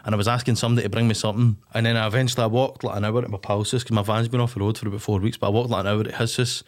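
A man's voice: on the low side, level tone, very fast. A young Scottish man telling a candid story in casual chat, rambling with frequent restarts and swearing. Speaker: podcast guest.

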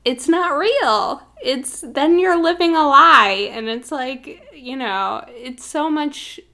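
A woman's voice: high voice, slow pace, pushed and bright. A woman co-hosting a casual spiritual chat, reflective and filler-heavy, laughing readily. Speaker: podcast co-host.

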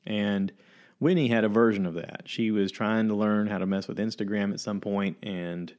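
A man telling a long story in a casual chat, animated and acting out the quoted voices. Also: on the low side, moderate pace.

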